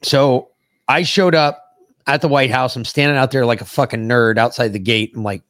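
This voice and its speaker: A man's voice: mid-range voice, steady tone, moderate pace, a bit bright, no room sound. A middle-aged man from the United States, a podcast host telling a crude, profane army story with rambling asides. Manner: crude, rambling, laughs through stories.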